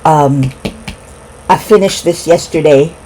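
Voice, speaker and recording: A middle-aged woman craft vlogger chats casually at home over breakfast, talking with her mouth full, rambling and giggling between words. Her voice sits low, slow and dark, with faint music behind and rough recording quality.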